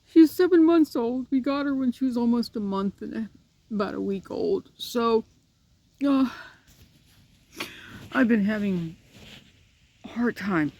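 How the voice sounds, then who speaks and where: A woman talking casually to the camera beside her dog's pen, tearful and grieving, speaking haltingly with many pauses and restarts. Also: on the high side, lively intonation, dark tone. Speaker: pet owner vlogger. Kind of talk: casual personal vlog.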